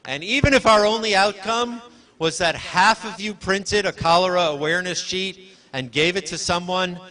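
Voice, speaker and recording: Speaking at a library launch held in a university event hall, a man rambles chattily through his presentation, frequently fixing his own words and guiding his helpers. His high, bright voice carries a forceful tone at normal speed.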